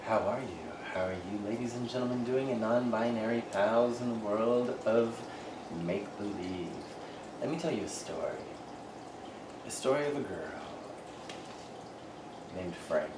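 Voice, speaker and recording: A man's voice: on the low side, unhurried, pauses often, recorded from a distance. Joking man co-hosting a podcast. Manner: joking, rambling, laughs often. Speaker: podcast co-host. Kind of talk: casual chat. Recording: roomy, off-mic, faint noise.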